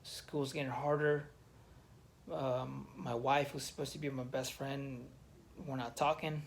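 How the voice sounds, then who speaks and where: A man's voice: medium pitch, little pitch movement, measured pace, vocal fry, slight background noise. A man who served in the army telling his own story in a raw, emotional monologue, swearing often and restarting his sentences. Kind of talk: candid personal monologue.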